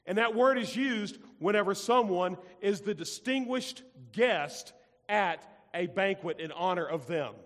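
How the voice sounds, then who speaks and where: High-voiced preacher man, hall reverb. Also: animated, a little slow, fairly bright tone. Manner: emphatic, repeats phrases, asks the congregation questions. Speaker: pastor. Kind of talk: sermon.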